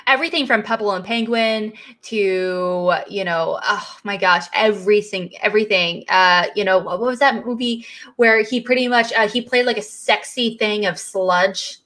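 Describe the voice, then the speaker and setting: Woman co-host, mid pitch, drowsy and easygoing in casual chat. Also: moderate pace. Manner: relaxed, hesitant, sleepy and yawning. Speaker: podcast co-host. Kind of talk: casual movie discussion.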